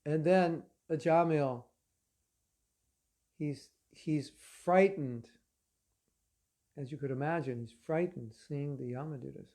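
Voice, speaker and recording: Brief: male spiritual teacher, lively storyteller, chatty with fillers, gravelly voice pitched a little high. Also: takes it slowly, long pauses. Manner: animated storytelling, conversational with fillers. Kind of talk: lecture to an online class.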